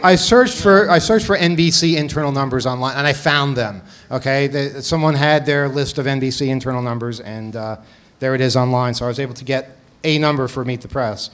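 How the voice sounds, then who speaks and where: Brief: male podcast host, mid-pitched, casual and rambling, self-deprecating, trips over his words. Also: fairly quick, fairly bright tone. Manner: rambling, laughs at himself, many restarts. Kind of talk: casual chat.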